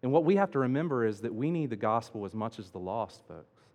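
A man preaching a sermon as pastor, swinging between loud emphatic lines and quiet asides. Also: medium pitch, lively intonation, quick pace. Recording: long hall reverb.

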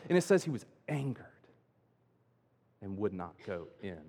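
A man preaching a sermon as pastor, swinging between loud emphatic lines and quiet asides. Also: fairly low pitch, very animated, normal speed, gravelly, pauses often. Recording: long hall reverb.

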